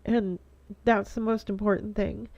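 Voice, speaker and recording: A woman's voice: medium pitch, fairly even intonation, a little slow, a little mellow, dry recording. Teary, stuffy-nosed middle-aged woman vlogging. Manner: rambling, lots of fillers. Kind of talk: casual heartfelt monologue. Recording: dull lo-fi dry sound.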